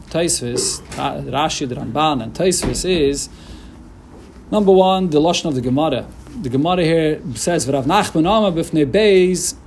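Lively man teaching a Talmud lesson. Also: fairly high pitch, slight background noise. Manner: explanatory, lively, with Yeshivish Hebrew terms and restarts. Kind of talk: Talmud lecture.

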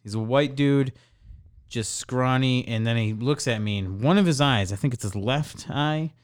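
This podcast co-host is a young adult man whose clean, medium-pitched voice moves at a moderate pace. He's animated as he recounts a store anecdote in relaxed conversation, swearing freely and raising his voice to imitate customers.

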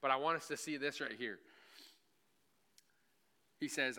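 A man's voice: medium pitch, a little slow, pushed and bright. A male pastor preaching a sermon in a church, in a conversational way, with frequent "right?" asides and short acted-out bits of imagined dialogue. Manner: acts out imagined dialogue with God.

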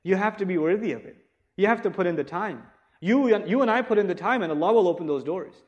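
A man delivers a religious lecture to a live audience in a high voice. He keeps it conversational and jokey, firing rhetorical questions at his listeners, then turns insistent and forceful when he presses a point. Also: expressive, quick pace, dull audio. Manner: grows forceful and insistent when urging respect. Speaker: Islamic teacher.

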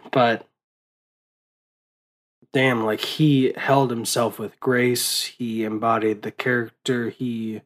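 Slow-talking, exhausted young man rambling. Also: medium pitch, little pitch movement, poor audio. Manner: rambling, profane, with many restarts and fillers. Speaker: vlogger. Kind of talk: casual late-night monologue.

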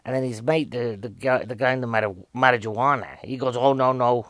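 A man's voice: medium pitch, a little fast, fairly bright tone, dry recording. Man for a casual film review; mid-range voice, dry sound, jokey and digressive, a little breathless. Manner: chatty, jokey and rambling. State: a bit out of breath.

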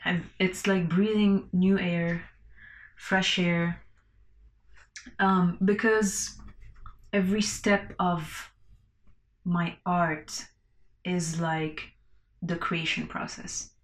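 A woman's voice: on the low side, fairly even intonation, very slow, pauses often, reverberant. A woman hosting a casual solo podcast, rambling loosely, swearing freely and laughing between her thoughts. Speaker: podcast host.

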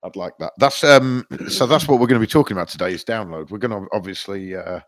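A man's voice: lowish voice, quick pace, no room sound. A man co-hosting a rock and metal podcast, joking and swearing loosely in casual chat. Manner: jokey, sweary, loose banter with restarts. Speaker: podcast co-host.

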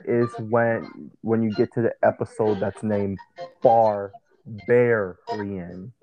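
A man's voice: on the low side, steady tone, slow pace, highs cut off, faint music behind. Man explaining things with many restarts. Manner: explains step by step, with frequent restarts. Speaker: son guiding his mother through documents. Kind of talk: casual chat.

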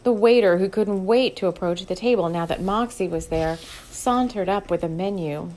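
A woman narrating an audiobook in a steady, measured way, her voice sitting at an ordinary middle pitch. The delivery is even and scripted, moving the story along plainly.

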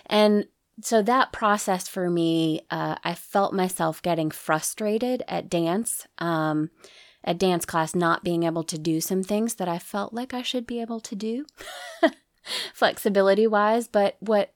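A woman's voice: on the low side, dry recording, studio quality. Earnest, reflective woman interview guest. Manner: earnest and reflective, with restarts and soft laughs. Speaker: guest, burlesque performer and musician. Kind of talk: casual interview chat.

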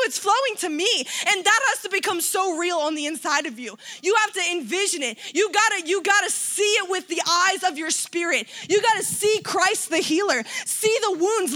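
A woman preaching with fervor, her voice very high and bright. She builds emphasis through repetition and urgent declarations. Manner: impassioned, emphatic, repeating phrases. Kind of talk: sermon.

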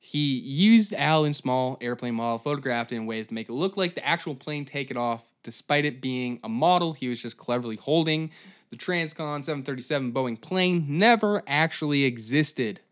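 A man's voice: mid-range voice, lively intonation, moderate pace. Male podcast host, crude storyteller, rambling, sarcastic. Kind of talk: comedic storytelling.

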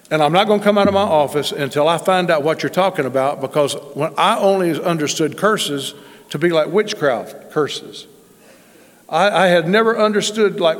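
A man preaching a storytelling sermon, moving between loud emphatic lines and hushed asides. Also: high-pitched, big-room sound. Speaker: pastor.

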